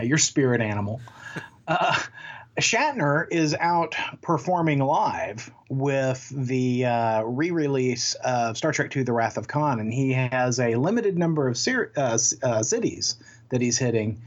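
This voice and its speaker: A man with a husky, slightly breathy voice talks in a loose, rambling way, cracking jokes as he co-hosts a casual podcast. His sound comes through a remote call and is a little dull and muffled. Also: mid-range voice. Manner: chatty, rambling, jokey. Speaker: podcast co-host. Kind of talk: casual chat. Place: home in Texas.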